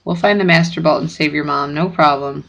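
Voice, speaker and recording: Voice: medium pitch, steady tone, a little fast, creaky, a bit bright. A reader voicing a nervous, gulping young satyr boy in a storybook audiobook. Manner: jittery, gulping.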